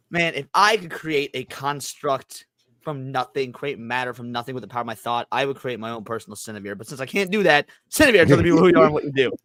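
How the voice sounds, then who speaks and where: A man's voice: medium pitch, fairly quick, fairly bright tone, dry recording. A man hosting a casual livestream podcast, joking loosely and greeting chat viewers by name. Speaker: podcast host.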